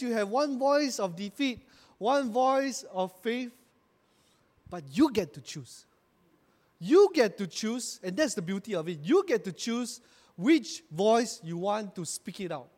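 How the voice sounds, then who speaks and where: A man's voice: high voice, expressive, measured pace, darkish tone, big-room sound. A man preaching a sermon as pastor, building to emphatic bursts and calling his congregation to repeat after him.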